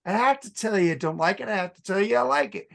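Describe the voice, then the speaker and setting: A man's voice: high voice, animated, fast, vocal fry, a bit bright. A man co-hosting a rock podcast in casual chat, outspoken and opinionated, laughing often. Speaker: podcast co-host. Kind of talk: casual chat about music.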